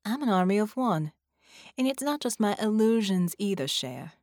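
A woman's voice: mid-range voice, big pitch swings, moderate pace, darkish tone, no echo, clean studio sound, lightly acted. A woman reading the part of a tough, confident female cyborg fighter in an audiobook, speaking cocky and grim.

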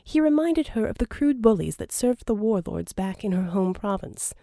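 A woman narrating an audiobook in a measured, even reading. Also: mid-range voice, dry recording, studio quality.

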